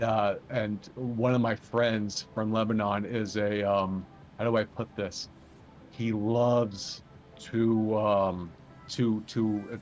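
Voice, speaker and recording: A man from Southern Ontario chatting casually as a podcast guest, rambling and halting with lots of fillers and restarts. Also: fairly low pitch, a little mellow, a little hiss or hum. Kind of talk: casual chat.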